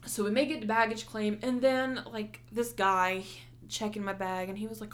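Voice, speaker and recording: A young woman telling a story in casual chat, animated and heated, swearing often and filling with "like". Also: on the high side, moderate pace. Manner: heated, animated retelling with heavy swearing and many "like" fillers.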